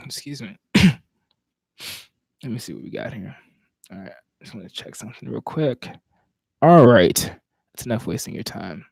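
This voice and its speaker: Southern guy from virginia, poet rambling casual between poems, soft mellow tone, dry close sound. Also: medium pitch, sing-song, normal speed, vocal fry, pauses often, slightly rough, no room sound. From Virginia, USA. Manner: reflective, searching, speaks in broken restarts. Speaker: spoken word poet. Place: home, at night.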